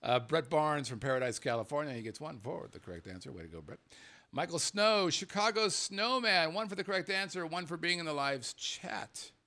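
A man co-hosts a loose, jokey podcast in a bright, forward voice that sits a little high. His pitch swings widely as he reads listener names, jumping from loud calls to low muttered asides. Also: a little fast. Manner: animated, playful, swings from loud to murmured asides. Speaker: co-host. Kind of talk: casual podcast banter.

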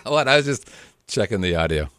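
Middle-aged male co-host, low and lively, playful banter, dry studio sound. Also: brisk, clean tone, no echo. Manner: joking, teasing, does silly voices. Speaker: podcast co-host. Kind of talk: casual banter.

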